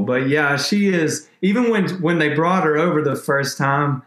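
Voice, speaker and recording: A man, a podcast guest, telling an emotional faith story in a rambling, animated way with many restarts. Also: on the high side, moderate pace, few pauses, echoey room.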